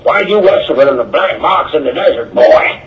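A rude, hostile man spoils for a fight, taunting and mocking, as a man puts him on. His voice sits fairly high, and the sound is dull and lo-fi. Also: animated, a little fast, recorded from a distance, natural voice.

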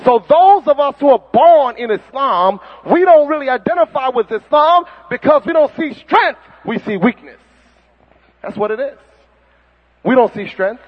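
Animated preacher with a high, lively voice. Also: male voice, normal speed. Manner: animated, mocking, preaching with impressions. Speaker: Muslim preacher. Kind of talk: fiery sermon. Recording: dull recording with long hall reverb.

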